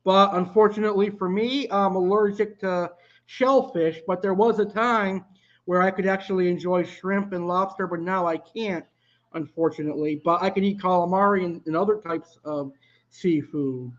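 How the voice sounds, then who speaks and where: A man's voice: high voice, steady tone, moderate pace, highs cut off. A man hosting a live cooking stream, chatting casually and answering viewer comments. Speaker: live cooking show host.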